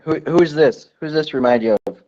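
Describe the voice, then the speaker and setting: A man's voice: fairly high pitch, moderate pace, a little mellow, dull audio, slight background noise. A man in his forties chatting on a casual podcast, telling stories in a laid-back way and swearing casually. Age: 40s.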